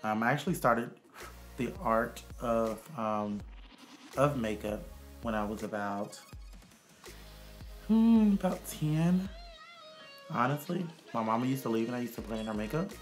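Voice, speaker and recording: A man's voice: medium pitch, animated, unhurried, pauses often, faint music behind. A man, a makeup artist giving a sassy, chatty casual makeup tutorial. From Arkansas, USA. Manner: sassy and chatty, calls viewers honey and child.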